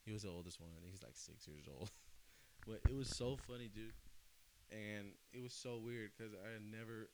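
Animated young guy telling stories. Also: lowish voice, normal speed. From California. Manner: animated storyteller, laughs often, swings loud and soft. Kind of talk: casual chat. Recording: faint hiss.

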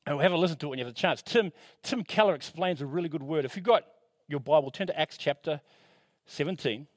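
Male preacher, high voice, dry close mic, lively and chatty delivery with asides. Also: quick pace, no room sound. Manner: animated, shifting pitch and loudness for emphasis; conversational, self-correcting with asides. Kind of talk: sermon.

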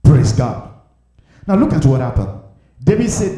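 A man preaching a sermon, acting out Bible characters with shouts and laughter. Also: mid-range voice, big pitch swings, normal speed. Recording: very echoey room.

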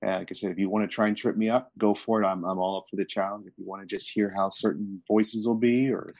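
A man hosting a podcast, chatting casually and haltingly with fillers. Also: on the low side, fairly even intonation, creaky, darkish tone. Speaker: podcast host. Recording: dry, dull lo-fi sound.

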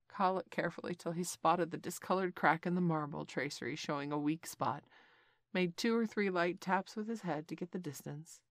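A woman narrating a classic storybook in a measured, expressive way. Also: lowish voice, dry recording, studio quality. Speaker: audiobook narrator. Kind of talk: scripted narration.

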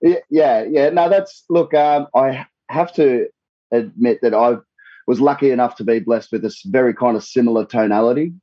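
Australian male singer, husky, loose and sweary interview talk, dry muffled recording. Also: mid-range voice, normal speed, no room sound. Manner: swears freely, rambles with many restarts. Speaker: tribute band singer, guest. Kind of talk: casual interview chat.

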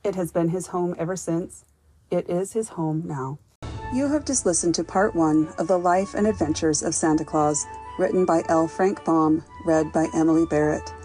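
A woman reading a storybook audiobook aloud as a podcast host, in a calm, measured, gentle manner. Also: fairly low pitch, soft background music.

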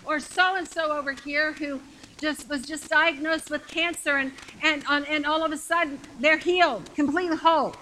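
A woman's voice: sits high, fairly even intonation, moderate pace, pushed and bright, a little hiss or hum, rough recording. A middle-aged woman preaching a sermon in a conversational, emphatic way, repeating phrases to build up her point, with a congregation answering her.

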